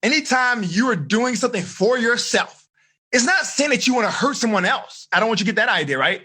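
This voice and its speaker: A man running a live seminar for teenagers, energetic and asking the audience questions. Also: very high-pitched, fairly quick, husky. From United States. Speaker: teen life coach.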